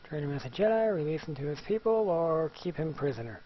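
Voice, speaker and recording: A man's voice: a little high, expressive, a little fast, breathy edge, highs cut off. A man casually commenting on a game he plays, joking and chanting little repeated words. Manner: playful, jokey, sings little chants. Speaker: gameplay commentator. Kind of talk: casual let's-play commentary.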